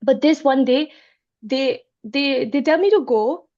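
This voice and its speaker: High-voiced woman telling a personal story. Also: a little slow, darkish tone. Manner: hesitant, many restarts, acts out quoted lines. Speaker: club member. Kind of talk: casual conversation, personal story. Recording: dull lo-fi sound.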